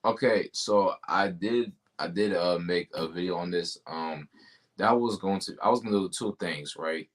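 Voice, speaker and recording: A man's voice: low voice, moderate pace. A man being interviewed about his sales job, talking casually and animatedly, full of slang like "yo" and "bro". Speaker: guest, tech sales rep.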